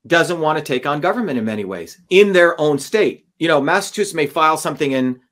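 A man telling a long story in an interview, animated and acting out the voices of others as he goes. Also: a little high, fairly quick. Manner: animated, acts out courtroom dialogue. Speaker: guest.

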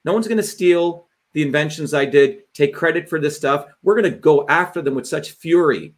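A man's voice: a little high, normal speed. A man hosting a livestream as a political candidate, delivering a fiery rant full of profanity.

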